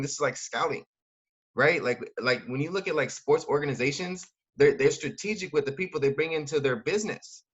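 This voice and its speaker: A man's voice: mid-range voice, fairly bright tone. A man coaching his audience in a casual, slangy way, full of fillers and asking "right?" again and again. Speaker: network marketing recruiter. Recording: dull lo-fi sound.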